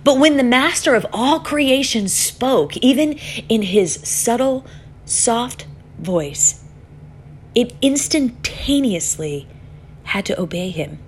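Woman preaching an animated sermon. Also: fairly high pitch, takes it slowly, slight background noise. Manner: animated storytelling, voice rises for acted pleas, drops soft for calm.

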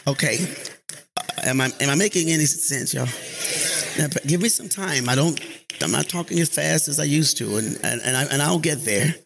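Lively preaching pastor. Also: male voice, on the high side, moderate pace, creaky, noisy background. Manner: lively preaching that climbs to shouts, calls on the congregation. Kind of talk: sermon. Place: church sanctuary.

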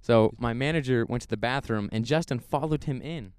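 A young man co-hosting a podcast, telling stories with loud high-pitched impressions of other people. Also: fairly quick, smooth, no echo, studio quality. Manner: animated storyteller, yells high when quoting people. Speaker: podcast co-host. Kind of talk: casual chat.

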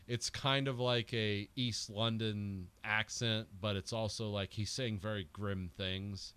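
A man's voice: on the low side, steady tone, unhurried, sharp tone, clear, resonant tone. A man co-hosting a podcast, chatting casually about a film in a rambling, joking way with lots of fillers. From United States. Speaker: podcast co-host.

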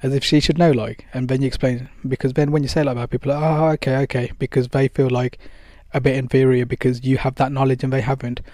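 A man talks through advice in a loose, conversational way, with plenty of fillers. He acts out little dialogues as he goes. His voice is mellow and dark, and it is recorded dry and close. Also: medium pitch, flat delivery, quick pace, hardly any pauses, dry recording. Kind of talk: casual advice monologue.

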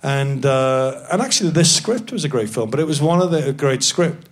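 A man's voice: medium pitch, lively intonation, moderate pace. A man, an actor guest, telling rambling, self-mocking anecdotes in a casual chat with many restarts. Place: live podcast stage.

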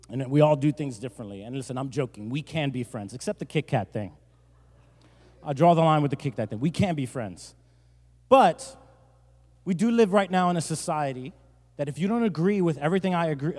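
Joking pastor in a reverberant hall. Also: male voice, on the high side, lively intonation, brisk. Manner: joking storyteller, builds to loud emphatic bursts. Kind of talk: sermon. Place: large church hall. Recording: long church-hall reverb.

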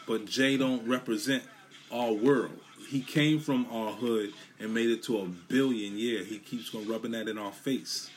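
A man's voice: medium pitch, a little slow, a little hiss or hum. A man hosting a solo podcast in loose, emphatic, profane street talk. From Brooklyn, New York. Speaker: podcast host. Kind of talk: casual solo podcast monologue.

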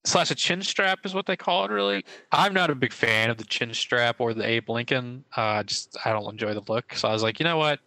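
A young man tells a long, rambling story on a casual podcast, leaning heavily on fillers like "like" and "I was like." His voice is bright and forceful, with a dry, close sound. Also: medium pitch, fairly quick, few pauses, no room sound, low-quality recording. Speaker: podcast co-host. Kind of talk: casual chat.

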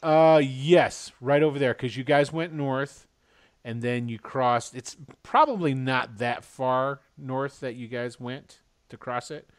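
A man running a tabletop game as game master over a video call, rambling and halting with many fillers. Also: mid-range voice, dry recording, studio quality.

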